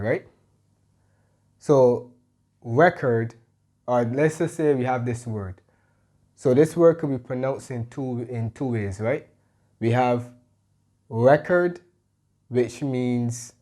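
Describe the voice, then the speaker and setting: Slow, patient man teaching English. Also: medium pitch, a little mellow. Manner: slow, explains patiently, keeps checking with "right?". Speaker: English tutor. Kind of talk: online grammar lesson.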